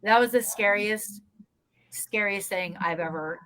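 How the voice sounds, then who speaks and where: A woman in relaxed podcast conversation, telling a story with lively energy. She jumps into the voices of the people in her tale. Her pitch sits in a middle range. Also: a little slow, rough recording. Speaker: guest paranormal investigator. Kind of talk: casual storytelling chat.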